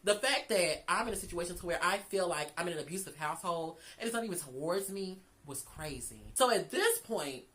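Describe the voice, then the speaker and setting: A woman's voice: on the low side, poor audio. A young woman vlogger telling a casual, candid storytime, swearing freely and acting out the dialogue. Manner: candid, profane, animated retelling with quoted dialogue.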